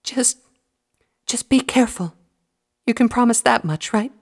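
A timid, gentle pegasus mare pleads in a soft, fretful voice pitched far up, put on by a man reading aloud. Her voice is lifted high and strained with worry. It is a storybook reading with a plain close mic. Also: a little fast. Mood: worried pleading.

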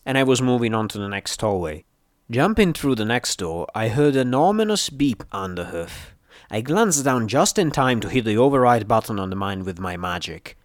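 A man reading fiction aloud in a steady, measured storytelling voice, close to the mic. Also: mid-range voice, dry recording. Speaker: audiobook narrator. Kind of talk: scripted fiction narration.

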